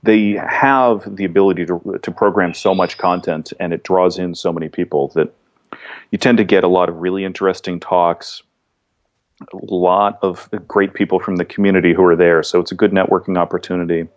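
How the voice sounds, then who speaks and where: Male podcast guest, low voice, easygoing rambling delivery, muffled lo-fi audio. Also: a little fast. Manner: relaxed, rambling, many restarts. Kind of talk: casual interview chat.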